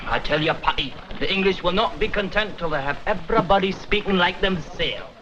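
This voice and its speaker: An actor with a Scottish accent playing a young, earnest, stubborn drama student in a 1960s sitcom. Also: male voice, high voice, fairly quick, close to an everyday voice. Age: young adult. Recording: dull old TV soundtrack with hiss.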